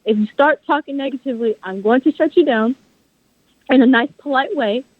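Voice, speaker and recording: A woman's voice: sits high, fairly quick, dry recording. A woman guest author in an interview, talking with passion and firm conviction. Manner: passionate, emphatic, faith-driven talk. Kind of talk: interview over a phone line. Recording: phone-line audio, dry.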